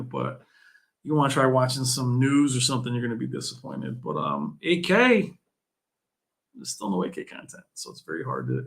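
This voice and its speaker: Bright-voiced excitable male streamer. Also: medium pitch, creaky. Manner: excitable, jokey, laughs often. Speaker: livestream host. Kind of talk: casual livestream chat.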